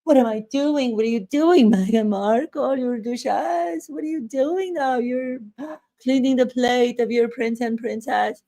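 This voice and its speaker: A woman's voice: a little high, a little slow, warm tone. A woman putting on a flustered, self-important caricature of a duchess, with gasping, overdone exclamations. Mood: mock-flustered.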